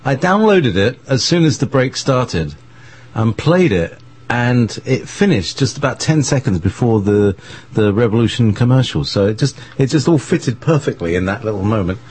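A man hosts a radio show in loose, casual chat. His voice is husky and sits at an ordinary middle pitch. He rambles and jokes, laughing easily. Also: animated, moderate pace, darkish tone. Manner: rambling, playful, laughs often.

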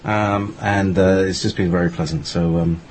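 A man hosting an internet radio talk show, slow and rambling with many fillers. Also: sits low, steady tone, crowd noise. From Scotland. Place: home studio in northern Scotland.

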